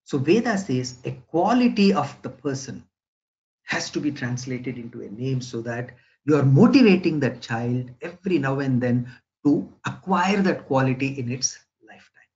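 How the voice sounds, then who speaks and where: A man's voice: medium pitch, lively intonation, moderate pace, a little mellow, muffled recording. Man lecturing conversationally. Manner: conversational, often checks in with "right?". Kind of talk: spoken lecture.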